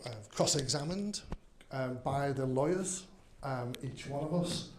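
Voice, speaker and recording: A man's voice: mid-range voice, a little slow, darkish tone, a little hiss or hum. A man with a Liverpool accent speaks at a conference in a hall. He tells a story wryly, with many ums and uhs, into a handheld mic, with faint room sound behind him. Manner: anecdotal, wry, with frequent fillers. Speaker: guest lecturer. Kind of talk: conference talk and Q&A. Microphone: handheld microphone.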